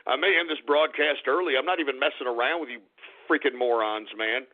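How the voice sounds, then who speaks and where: A man hosting a radio talk show, ranting in an irate, profane way and swinging between shouts and mutters. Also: mid-range voice, a little fast. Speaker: radio host. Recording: tinny phone-like radio audio.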